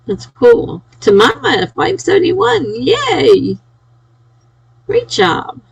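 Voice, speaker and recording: A woman's voice: very high-pitched, huge pitch swings, extremely slow, vocal fry, rough recording. A sleepy, yawning woman chatting casually on a live stream, reading out and cheering viewers' chat messages. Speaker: livestreamer.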